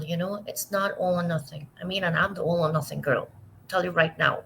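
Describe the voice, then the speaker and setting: A woman co-hosting a live talk show, who talks in a warm, effusive and gushing way. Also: on the low side, steady tone, normal speed, gravelly, slight background noise, rough recording. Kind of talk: casual live show chat.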